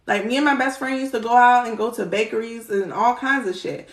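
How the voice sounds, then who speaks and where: A woman's voice: fairly high pitch, brisk. A young woman, chatting casually on a live stream, slangy and swearing freely, laughing often. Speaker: spiritual livestream host. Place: indoor room, live stream. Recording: roomy echo.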